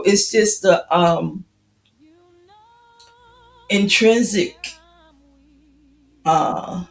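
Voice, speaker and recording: Slow-talking gravelly woman in her fifties. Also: medium pitch, roomy sound, a little hiss or hum, poor audio. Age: 50s. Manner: chatty, greets viewers by name. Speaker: livestream host. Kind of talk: casual livestream chat.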